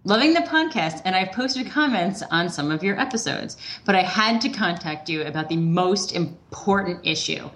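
Lively woman reading an email. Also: fairly low pitch, normal speed, few pauses. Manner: animated reading with laughs. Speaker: podcast co-host.

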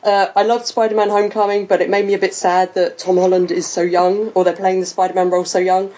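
A woman's voice: mid-range voice, flat delivery, quick pace, warm tone, muffled recording. A British woman hosting a podcast in casual chat, rambling with many fillers. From Britain. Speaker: podcast host.

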